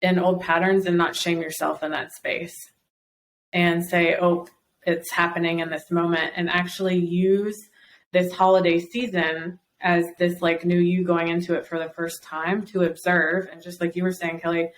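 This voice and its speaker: A woman's voice: on the low side, little pitch movement, moderate pace, slight background noise, low-quality recording. A woman guest on a podcast, encouraging and explaining at length with frequent fillers. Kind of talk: casual podcast conversation.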